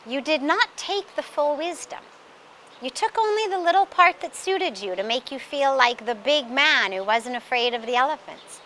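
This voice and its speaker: A woman voicing a wise, patient male guru who corrects a student in a calm, gently scolding way. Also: high-pitched, moderate pace, a little hiss or hum.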